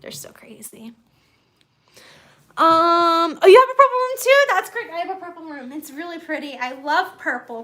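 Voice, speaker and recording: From her bedroom, a young woman with a high, bright voice hosts a casual live stream. Chatty and bubbly, she rambles on, greeting viewers as she reads their comments aloud.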